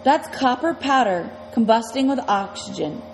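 A woman voicing a small, excitable, brainy boy who shrieks and whoops with eager delight. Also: on the high side, normal speed, in a large hall, a little hiss or hum. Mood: excited.

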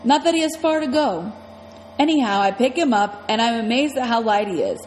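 A woman's voice: a little high, a little fast, a little mellow, long reverb tail, a little hiss or hum, low-quality recording. A woman reading a novel aloud in the first person, in a casual, slangy storytelling manner. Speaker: audiobook narrator.

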